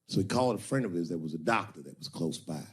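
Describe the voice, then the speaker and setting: A male stand-up comedian telling a crude story in a punchy, animated way. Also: low-pitched, fast.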